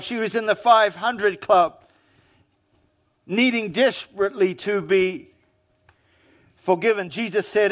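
A man's voice: high-pitched, a bit bright. A male pastor with a New Zealand accent, preaching a sermon in a conversational storytelling manner and acting out quoted lines.

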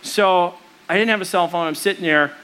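Male preacher, high and bright, chatty storyteller who acts out every voice. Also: fairly quick, clean tone. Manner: conversational, with fillers and restarts. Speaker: pastor. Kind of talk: storytelling sermon.

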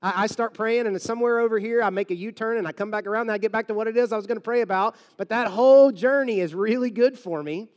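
A man preaching a sermon in a high voice, rambling and conversational as he acts out everyday prayers. His words ring out with a long hall reverb. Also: fast talker, hardly any pauses, muffled recording. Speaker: pastor.

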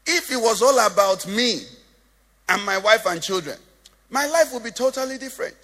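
A man's voice: sits high, lively intonation, normal speed, fairly bright tone, big-room sound. A male pastor preaching a sermon, lilting in a sing-song way and asking the congregation questions. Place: church.

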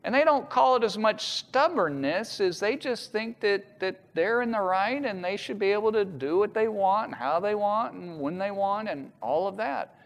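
A man preaching a sermon, telling a story with lively voiced quotes. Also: high-pitched, moderate pace. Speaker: pastor. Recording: echoey hall with long reverb.

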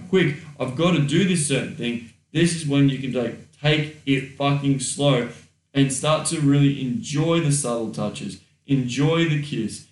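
A man's voice: mid-range voice, recorded from a distance. Swearing man with a roomy echo. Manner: blunt, swears freely, acts out quoted thoughts. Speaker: podcast co-host. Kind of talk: casual advice chat. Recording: roomy echo, a little off mic.

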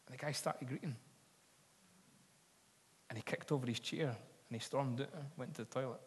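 A man's voice: medium pitch, normal speed, husky. A man preaching a sermon, telling stories earnestly and building to fervent appeals. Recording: long hall reverb.

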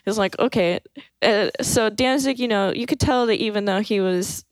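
A woman's voice: medium pitch, normal speed, clear, resonant tone, no echo. Dry, close woman telling a story. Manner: laid-back and amused, with lots of fillers and laughs. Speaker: podcast guest telling a story. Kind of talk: casual anecdote storytelling.

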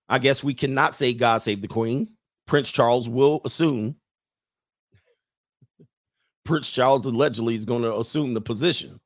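A man's voice: mid-range voice, a bit bright. Rambling joking man hosting a stream. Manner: rambling, joking, reads viewer comments aloud. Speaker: livestream host. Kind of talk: casual livestream monologue.

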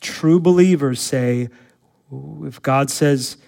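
A male pastor preaching an expository sermon, building to urgent emphatic repetition and then slowing to quiet, earnest appeals. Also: mid-range voice.

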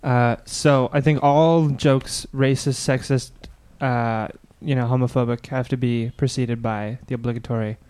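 A man co-hosting a casual podcast, telling a crude joke slowly with many pauses and fillers. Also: medium pitch, steady tone, a little mellow, clear, resonant tone. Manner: halting, lots of uh fillers.

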